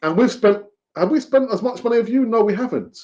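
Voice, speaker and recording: A man's voice: extremely high pitch, animated, fairly quick, a little mellow. A man hosting a fan live stream, talking in a rambling, chatty way with fillers and laughs, over lo-fi stream audio. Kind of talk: casual live-stream chat.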